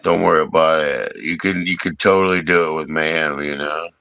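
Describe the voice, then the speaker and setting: A man's voice: rumbling low, brisk, gravelly, pushed and bright, no room sound. A man hosting a livestream in casual chat, joking, teasing and swearing freely. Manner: joking, profane, teasing banter. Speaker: livestream host.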